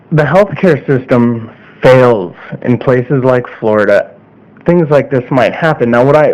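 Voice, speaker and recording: Earnest man vlogging, dull lo-fi sound. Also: mid-range voice. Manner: earnest, repeats "okay?" often. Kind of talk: casual opinion monologue.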